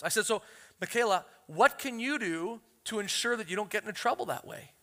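Male pastor preaching with a high, bright voice and animated storytelling, booming hall reverb. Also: fairly quick. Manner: animated storytelling, acts out quotes. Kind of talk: sermon.

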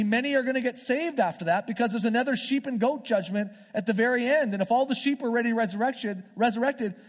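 High-voiced pastor preaching in a reverberant hall. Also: male voice. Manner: conversational, earnest, thinking aloud. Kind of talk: sermon. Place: church sanctuary. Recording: long hall reverb, faint music behind.

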